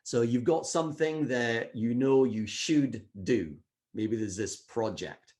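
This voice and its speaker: A man's voice: mid-range voice, takes it slowly. Guy giving a pumped-up motivational talk, middle-of-the-road voice, acts out little voices in his head. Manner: energetic, acts out quoted inner voices. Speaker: speaker at a wellbeing summit.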